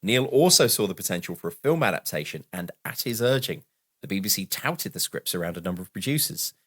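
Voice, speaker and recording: A man co-hosting a podcast, reading background notes aloud in a casual, animated way and laughing now and then. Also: low voice, quick pace. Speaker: podcast co-host.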